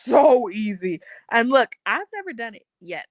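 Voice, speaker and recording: A woman's voice: a little high, very animated, normal speed, no room sound, lo-fi sound. A young woman co-hosting a casual chat, blunt, profane and joking. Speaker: podcast co-host.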